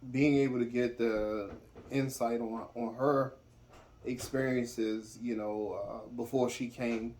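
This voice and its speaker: A man in his forties speaking in a soft, halting way in a casual family chat. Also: medium pitch, steady tone, slight background noise. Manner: soft-spoken, halting, with trailing phrases. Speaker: father co-host.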